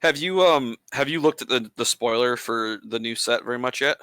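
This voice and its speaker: A man's voice: mid-range voice, normal speed, fairly bright tone, smooth, dry recording. A man hosting a podcast, asking easygoing questions in casual chat.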